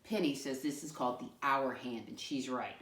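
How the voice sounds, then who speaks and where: Low-voiced teacher in an echoey room. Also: female voice, moderate pace, fairly bright tone. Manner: patient, sing-song questioning of pupils. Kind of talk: classroom lesson for young children. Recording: echoey room, mic far off.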